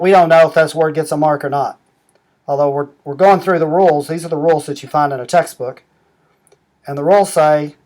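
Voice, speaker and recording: A middle-aged man walking through a language-learning app step by step, explaining rules slowly and methodically. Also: fairly high pitch, a little mellow. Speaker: app demonstrator. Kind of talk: screen-recorded app tutorial.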